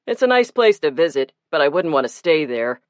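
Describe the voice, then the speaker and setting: A woman's voice: low-pitched, sing-song, a little fast, no echo. A woman narrator voicing a cocky man who needles the others with teasing sarcasm. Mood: needling.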